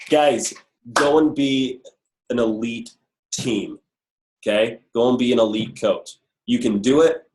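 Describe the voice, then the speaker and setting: A man's voice: medium pitch, slow, long pauses, background noise. A man leading a motivational team call, upbeat and self-mocking as he coaches his listeners on. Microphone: conference call.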